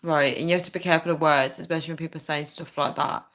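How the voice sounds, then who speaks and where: Chatty young woman vlogger, lowish voice. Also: steady tone, rapid-fire, fairly bright tone. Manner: chatty, frequent "right?" and "guys", laughs often. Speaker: vlogger reading live chat. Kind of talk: casual storytelling chat.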